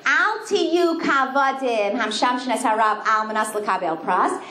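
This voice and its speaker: A middle-aged woman giving an inspirational talk to a women's group, telling stories with lively acted-out quotes. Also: on the high side, unhurried. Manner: animated storytelling with sung and acted-out quotes. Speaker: speaker. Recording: echoey room with faint background noise.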